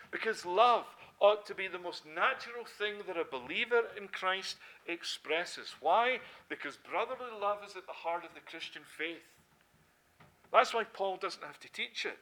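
A man's voice: fairly high pitch, expressive, measured pace, bright, forceful tone. A middle-aged Scottish man preaching a sermon, emphatic, who asks questions and answers them himself. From Scotland.

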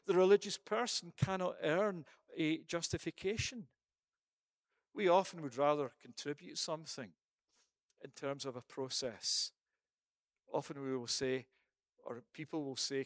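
A man's voice: a little high, unhurried, long pauses, no room sound, clean studio sound. A man preaching a sermon and then leading a prayer, emphatic, with rhetorical questions and repeated phrases.

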